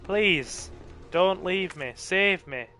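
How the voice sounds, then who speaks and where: Man putting on a pleading gunpowder child, high and whimpering, game commentary bit. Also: lively intonation, drawn-out words, pushed and bright, faint music behind, heavily acted. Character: scared lonely little gunpowder child.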